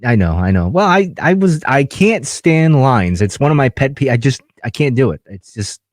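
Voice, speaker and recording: A man hosts a casual podcast conversation, talking in a loose, rambling way full of fillers and restarts. His voice sits at a middle pitch. The recording is dry and close, with little room sound. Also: big pitch swings, moderate pace, no echo. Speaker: podcast host. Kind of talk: casual chat.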